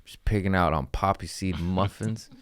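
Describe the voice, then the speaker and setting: A man's voice: low voice, moderate pace, no echo. A man hosting a podcast from home, telling loose, jokey stories in casual chat with swearing and trailing asides. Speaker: podcast host. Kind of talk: casual rambling storytelling.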